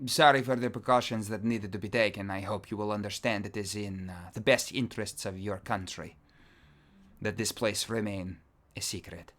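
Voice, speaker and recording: Man doing a composed woman commander, formal, calm, crisp bright tone. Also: lowish voice, moderate pace, natural voice. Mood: apologetic. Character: poised secretive woman leader.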